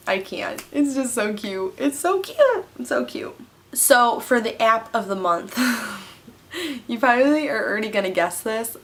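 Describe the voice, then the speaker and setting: A woman's voice: medium pitch, a bit bright. Bubbly young woman vlogging favorites. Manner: bubbly, chatty, lots of "like" and "um". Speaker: beauty vlogger. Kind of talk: casual monthly favorites vlog.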